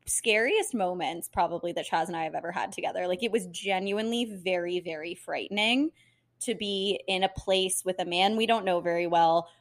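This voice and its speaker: Chatty young woman podcast co-host. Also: mid-range voice. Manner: laughing, chatty, wraps up the episode. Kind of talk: casual storytelling chat.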